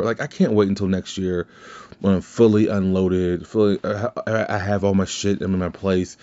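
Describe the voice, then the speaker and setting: A podcast host with a low, warm voice chats casually, rambling, cursing, and restarting often. The recording has a slightly dull lo-fi sound.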